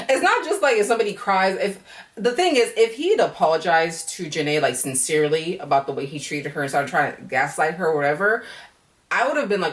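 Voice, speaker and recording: A woman's voice: sits low, normal speed, recorded from a distance. Chatty woman recapping, heard from afar. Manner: chatty, profane, animated, laughs often. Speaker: YouTube reality-show reviewer. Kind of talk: casual reaction commentary.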